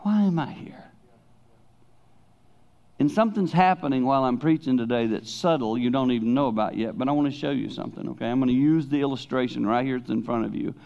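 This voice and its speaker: A middle-aged man preaching a sermon in a conversational storytelling way. He drops to hushed tones to stress a point. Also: medium pitch, quick pace, vocal fry, hardly any pauses, lo-fi sound. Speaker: pastor and speaker.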